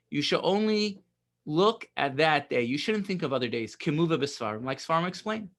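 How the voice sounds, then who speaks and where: High, bright-voiced man teaching a lesson. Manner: reads Hebrew phrases then explains in casual English, often asks "right?". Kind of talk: Torah lesson, reading and translating text.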